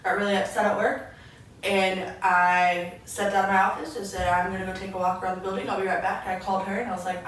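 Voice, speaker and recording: Animated woman chatting in an echoey room. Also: medium pitch, fast talker. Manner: animated storyteller, quotes herself. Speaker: podcast co-host. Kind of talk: casual chat. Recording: echoey room, mic far off, faint noise.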